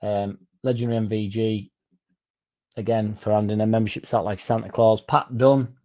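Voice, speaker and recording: A man's voice: fairly low pitch, steady tone, moderate pace, a little mellow. A young man hosting a casual livestream, reading out comments and going off on sweary, rambling tangents. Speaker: fan channel livestream host.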